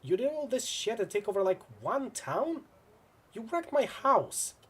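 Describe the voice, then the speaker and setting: A man's voice: high voice, big pitch swings, moderate pace, slightly rough, pitched above the performer's own voice, full character voice. A man voicing a brash, exasperated adult male hero in a video game, blunt and incredulous.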